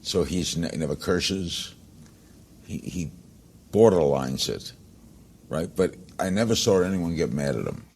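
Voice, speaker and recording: An older man, a veteran comedian, answering interview questions in a slow, halting way. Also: sits low, lively intonation, a little mellow, breathy edge.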